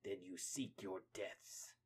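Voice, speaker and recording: A man voicing the hushed, menacing Rat King. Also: sits low, fairly even intonation, slightly rough, full character voice. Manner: slow, hushed, ominous. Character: menacing male mutant rat king, regal.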